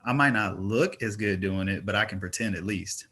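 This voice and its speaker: A man's voice: lowish voice, normal speed, pushed and bright, husky. A man reading aloud voices a playful twenty-year-old father who acts mock-stern with his children.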